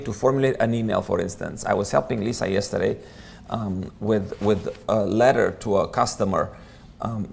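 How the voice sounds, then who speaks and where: A man's voice: on the low side, gravelly, a little hiss or hum. A man leading a church Bible study, speaking in an earnest, conversational way with many restarts. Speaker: church teacher.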